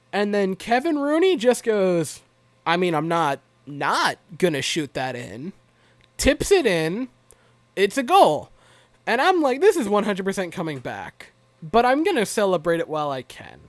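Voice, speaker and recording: A man's voice: high voice, no echo. A young man giving a rambling, wry, self-mocking recap of a hockey game as a fan vlogger.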